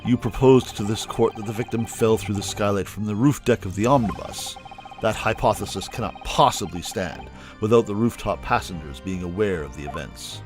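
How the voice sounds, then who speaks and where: A man voicing a haughty, cold British prosecutor in a video game, speaking slowly and with disdain. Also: fairly low pitch, faint music behind, close to an everyday voice. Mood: disdainful. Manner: slow, measured, disdainful.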